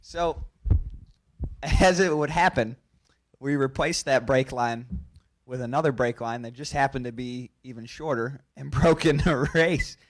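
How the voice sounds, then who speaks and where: A man holds the floor at a press conference and spins an animated racing anecdote. His voice sits at an ordinary middle pitch. He laughs as he goes and trips into quick restarts. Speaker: race car driver at a press conference.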